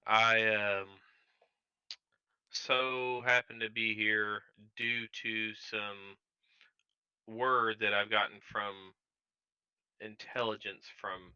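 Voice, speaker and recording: A man's voice: fairly low pitch, flat delivery, very slow, pauses often, sharp tone, smooth. A man playing a tabletop game, speaking in character in a hesitant way, on dull, lo-fi voice chat audio. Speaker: player.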